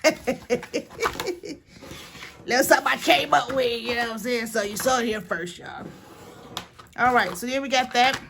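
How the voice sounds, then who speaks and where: A woman's voice: fairly high pitch, background noise. A woman hosting a casual papercraft tutorial, chatting and joking with her viewers as she works. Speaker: papercraft video host.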